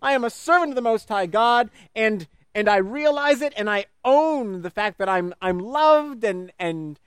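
Animated high-voiced male preacher. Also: normal speed, clean tone, no room sound, clean studio sound. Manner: animated, acts out voices in his stories. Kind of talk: sermon.

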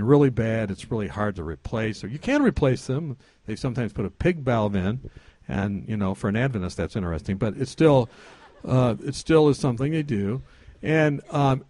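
A male preacher delivering a sermon with sweeping shifts in volume and pitch, booming on his key points and dropping low and soft for personal stories. He sounds close and dry, with little room around his voice, and he jokes easily with his listeners. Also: no room sound. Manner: dynamic, swings between loud emphasis and hushed intimacy; jokes with the congregation.

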